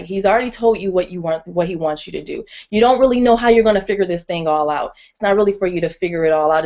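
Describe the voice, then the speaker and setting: An earnest woman gives an encouraging talk on faith and finances, pausing on fillers and restarting her sentences. Her voice sits on the low side for a woman. The audio is dull and lo-fi. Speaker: ministry co-host. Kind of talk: faith-based finance teaching. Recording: muffled lo-fi audio.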